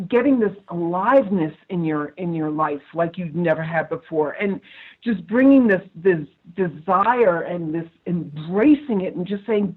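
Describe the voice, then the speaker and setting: An earnest, affirming woman guest talking on an interview. Her voice is breathy and husky. It comes through a tinny, narrow phone line. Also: lowish voice, expressive, unhurried. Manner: earnest, affirming, repeats herself. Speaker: guest, psychic medium and coach. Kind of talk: enthusiastic interview talk.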